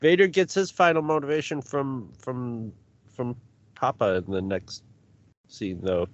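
A man's voice: medium pitch, measured pace, no echo. A man co-hosting a podcast, chatting loosely. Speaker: podcast co-host. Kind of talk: casual chat. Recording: dull lo-fi line with faint noise.

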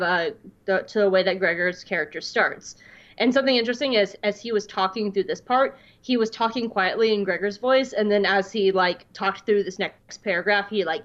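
A woman's voice: mid-range voice, a bit bright. Chatty woman on a dull recording. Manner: chatty, filler-heavy, reads quotes aloud. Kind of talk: casual commentary.

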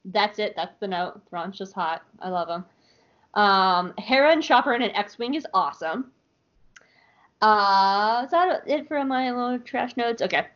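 Animated, cursing woman podcaster from the South. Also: medium pitch, measured pace. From American South. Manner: animated, swears freely, laughs often. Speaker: podcast co-host. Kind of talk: casual chat. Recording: lo-fi audio.

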